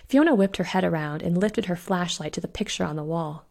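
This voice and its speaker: A woman who hosts a podcast, narrating her own spooky short story in a measured, suspenseful way. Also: on the low side, creaky, darkish tone. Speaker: podcast host and author reading her story. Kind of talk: audiobook narration.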